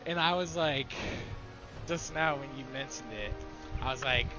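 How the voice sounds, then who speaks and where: A man's voice: mid-range voice, moderate pace, music in the background, low-quality recording. A man chatting casually with friends while gaming, rambling and laughing often, swearing casually. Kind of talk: casual chat.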